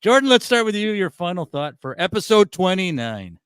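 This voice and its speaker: A man's voice: high-pitched, very animated, a little fast, a bit bright, smooth. A man hosting a comedy podcast, keeping it upbeat and moving from one segment to the next. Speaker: podcast host. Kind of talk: casual chat, hosting segments.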